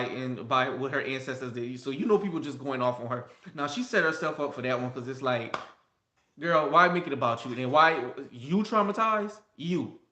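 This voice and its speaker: A man's voice: mid-range voice, sharp tone, echoey room. A man chatting through celebrity gossip with strong opinions, repeating words and talking straight to his viewers. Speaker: gossip vlogger. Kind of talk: casual gossip commentary.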